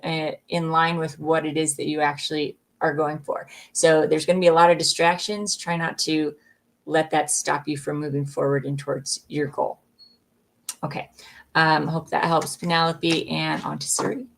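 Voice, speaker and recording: A woman co-hosting a live stream who gives encouraging spiritual advice in a halting way, with many fillers. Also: sits low, level tone, gravelly. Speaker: co-host giving spiritual advice.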